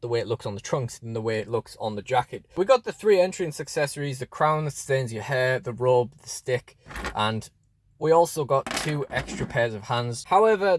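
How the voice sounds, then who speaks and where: A man's voice: medium pitch, expressive, normal speed. A man chatting casually through a toy unboxing review, rambling with fillers and restarts, recorded close and dry.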